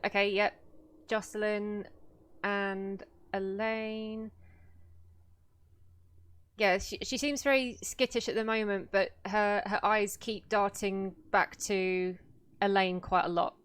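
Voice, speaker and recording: A woman's voice: medium pitch, fairly even intonation, clear, resonant tone. Woman game master setting the scene. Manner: unhurried, descriptive scene-setting. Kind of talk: narrating a tabletop game on a livestream.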